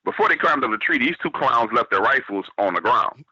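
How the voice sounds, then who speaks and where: A man's voice: mid-range voice, expressive, fairly quick, bright, forceful tone, husky, dry recording, lo-fi sound. A man from New Orleans with a Southern accent, telling a story on a radio show and quoting what others said to him. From New Orleans, Louisiana, US. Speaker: guest storyteller.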